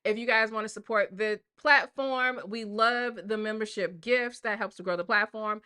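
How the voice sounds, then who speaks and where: A woman's voice: mid-range voice, steady tone, moderate pace, bright, forceful tone, smooth. An older woman, a grandmother hosting a casual live stream and chatting with viewers in a slangy, talkative way. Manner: chatty, slangy, addresses viewers as y'all and baby. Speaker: livestream host.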